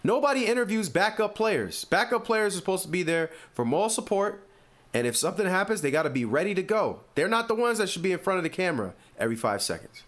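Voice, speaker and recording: A fast-talking man with a high voice hosts a sports podcast. He's from the US Northeast and has an East Coast American accent, and his commentary is animated, opinionated and crammed with rhetorical questions.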